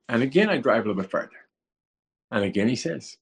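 A man telling an emotional personal testimony in a plain-spoken way, acting out his own prayers aloud and swinging between low murmurs and high excited outbursts. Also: quick pace. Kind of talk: emotional storytelling.

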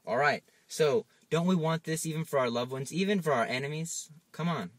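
A Catholic preacher delivers an informal sermon, urging listeners with urgent exhortation and small acted-out dialogues. His voice is fairly high and brisk, with no echo.

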